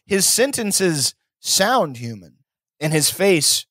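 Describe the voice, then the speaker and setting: A man's voice: high voice, very animated, takes it slowly, a bit bright, dry recording, clean studio sound. A man from Texas, a podcast guest, rambling through comedic chat and mocking people he talks about. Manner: rambling, mocking impressions of politicians.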